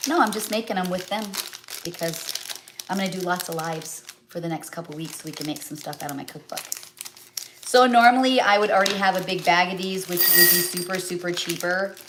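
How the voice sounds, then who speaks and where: A middle-aged cookbook author hosts a live cooking stream, rambling chattily with lots of fillers and asides. Her voice is fairly low and fairly quick, with background noise behind it.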